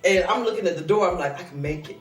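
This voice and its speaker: A young woman telling a story in casual chat, animated and profane, acting out both sides of the dialogue. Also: lowish voice, racing, recorded from a distance. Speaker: podcast host. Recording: echoey room from off-mic, faint music.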